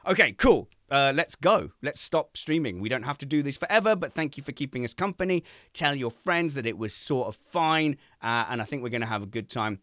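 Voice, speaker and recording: A man hosting a casual podcast livestream from home, animated and joking. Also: mid-range voice, brisk, hardly any pauses, no echo, clean studio sound. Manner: animated, jokey. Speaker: podcast host. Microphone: streaming mic.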